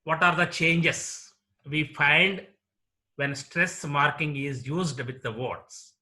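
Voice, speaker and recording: Indian English lecturer, male, slightly high and bright voice, very slow and deliberate delivery. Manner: deliberate, repeats example words slowly. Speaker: college English teacher.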